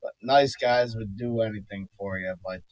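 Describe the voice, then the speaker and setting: A man's voice: lowish voice, moderate pace, darkish tone, no room sound, muffled recording. A man chatting casually, laughing often and telling rambling stories. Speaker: podcast guest. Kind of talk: casual chat.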